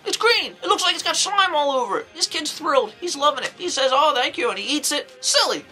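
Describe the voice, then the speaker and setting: A woman playing an eccentric, excitable old nun who reviews horror movies, rambling along with folksy exclamations. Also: sits high, brisk, soft background music. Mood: rambling, amused. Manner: rambling, folksy exclamations, jumps into acted quotes. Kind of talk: in-character comedic movie review.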